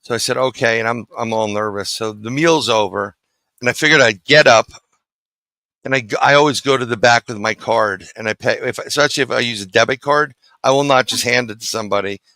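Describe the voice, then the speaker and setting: A man's voice: medium pitch, bright, forceful tone, no room sound, rough recording. A middle-aged man from New City, telling a story as a guest in a casual interview and acting out the dialogue. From New York City.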